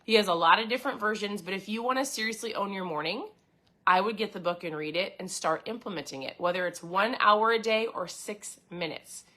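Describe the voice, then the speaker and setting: A woman's voice: mid-range voice, fairly quick, a bit bright. A woman hosting a podcast in a casual, enthusiastic talk, speaking straight to her listeners and reading passages from a book. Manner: chatty, enthusiastic, addresses listeners directly. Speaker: podcast host.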